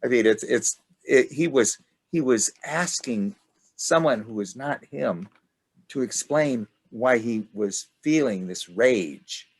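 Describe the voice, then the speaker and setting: An older man leading a study group discussion, rambling and halting with many restarts. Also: mid-range voice, expressive, breathy edge.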